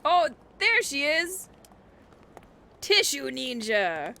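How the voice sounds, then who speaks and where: A woman's voice: sits high, sing-song, extremely slow, gravelly, pushed and bright, slight background noise. A woman streaming a video game, joking and teasing the characters on screen as she plays. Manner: jokey, teasing, talks back to game characters. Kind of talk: playful let's-play commentary. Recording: game music playing behind.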